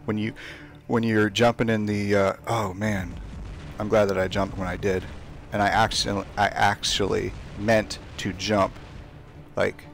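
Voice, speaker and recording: A man's voice: lowish voice, little pitch movement, a little slow, gravelly, a little hiss or hum. A young man chatting casually as he streams a game, talking to himself and trash-talking opponents. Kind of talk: casual live gameplay commentary.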